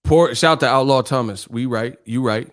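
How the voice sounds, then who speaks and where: A man with a medium-pitched voice, speaking at a normal speed, hosts a boxing livestream. He chats casually with his viewers, reading their comments, joking, swearing, laughing a lot, and mimicking voices.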